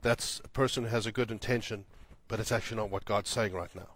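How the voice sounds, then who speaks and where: A man preaching a sermon as pastor, repeating lines for emphasis, building loud and high, then dropping soft and low. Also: steady tone, fast talker. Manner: swells louder and higher when building to a point, then drops soft and low.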